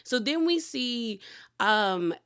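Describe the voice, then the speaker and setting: Bright-voiced chatty woman recapping TV. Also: fairly high pitch, slow pace, smooth. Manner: chatty and animated, acts out quotes and exclaims "girl". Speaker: reality TV recap host. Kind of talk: casual episode recap.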